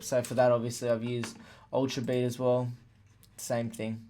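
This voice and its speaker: A man's voice: medium pitch, moderate pace, faint music behind. Laid-back man explaining his beat. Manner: relaxed, plain-spoken, fillers like "like" and "literally". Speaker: music producer explaining a beat. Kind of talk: casual tutorial walkthrough. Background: faint playback of his beat.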